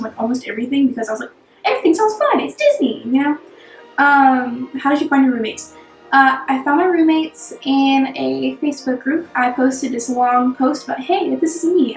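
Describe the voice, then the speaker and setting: A woman's voice: high voice, reverberant, low-quality recording. A young woman vlogging in a bubbly, rambling way, full of fillers. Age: young adult. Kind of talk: casual chat to camera.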